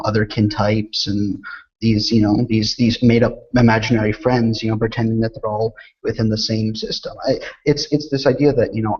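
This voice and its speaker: A man speaks earnestly and steadily in a casual podcast chat. His voice is low and a little husky. The audio is dull and lo-fi. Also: darkish tone. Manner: earnest and measured, with many "you know"s. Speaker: podcast guest.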